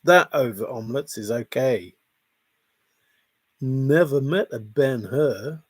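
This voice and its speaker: A man of half Italian, half Scottish heritage hosts a casual livestream, reading chat and greeting viewers by name in a jokey, chatty way. His voice is medium-pitched and slightly rough, he speaks slowly, and there's no echo.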